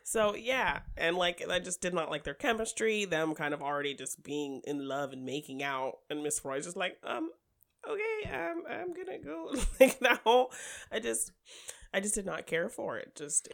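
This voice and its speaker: This is a woman with a slightly low voice, talking in a loose, chatty way about movies. She laughs easily and keeps slipping into quick impressions of the characters she describes. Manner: chatty, giggly, acts out characters' lines. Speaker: podcast co-host. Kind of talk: casual film discussion.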